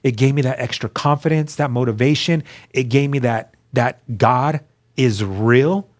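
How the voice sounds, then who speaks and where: Man, guest, earnest testimony, animated retelling, mid-range voice. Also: mid-range voice, unhurried. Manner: earnest, animated storytelling with quoted dialogue. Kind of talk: storytelling testimony.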